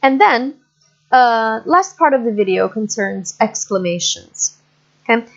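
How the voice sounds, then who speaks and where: A woman's voice: on the high side, animated. Woman lecturing online, muffled. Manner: explains slowly with many fillers and checks for understanding. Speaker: university English lecturer. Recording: muffled lo-fi recording.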